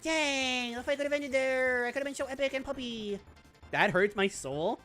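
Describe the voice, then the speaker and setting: A woman streaming a video game, chatting casually with her viewers, laughing often and squealing when things get exciting. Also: sits high, moderate pace, soft background music. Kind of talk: casual live-stream commentary.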